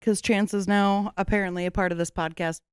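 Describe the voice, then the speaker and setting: A woman's voice: medium pitch, steady tone, a little fast, smooth, no room sound, clean studio sound. A young woman hosting a podcast in casual chat, playful, laughing often and swearing freely. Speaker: podcast host.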